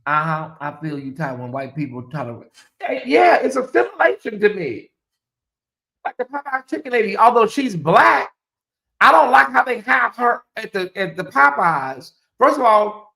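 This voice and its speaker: A man's voice: high-pitched, moderate pace, vocal fry. A man hosting a casual livestream, chatting straight to his viewers, reading comments aloud and slipping into mocking voices. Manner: animated and chatty, slips into mocking put-on voices; talks straight to viewers and reads chat aloud. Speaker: host.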